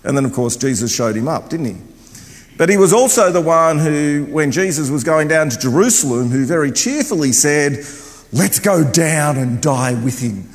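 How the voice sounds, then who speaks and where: Loud chatty preacher in a reverberant hall. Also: male voice, fairly high pitch, lively intonation, moderate pace. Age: older. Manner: loud, chatty, wanders around while talking. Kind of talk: sermon. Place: church hall.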